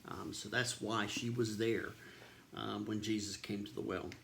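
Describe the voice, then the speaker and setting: Pastor guy chatting through a bible story, kinda gravelly, low, ums and uhs everywhere. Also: flat delivery, a little slow, a bit bright, slight background noise. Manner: conversational, many ums and uhs, paraphrases scripture casually. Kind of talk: informal devotional Bible retelling.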